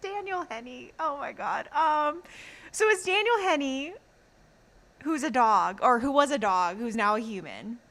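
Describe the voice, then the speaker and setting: A woman co-hosting a podcast, recapping a drama in casual chat, animated with many fillers and laughs. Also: high voice, unhurried. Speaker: podcast co-host.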